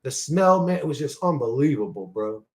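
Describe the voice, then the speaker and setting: A man's voice: mid-range voice, normal speed. A man hosting his own channel, telling a rambling story in casual chat, swearing heavily and getting worked up in bursts. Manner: excitable, rising and falling in bursts. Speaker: channel host.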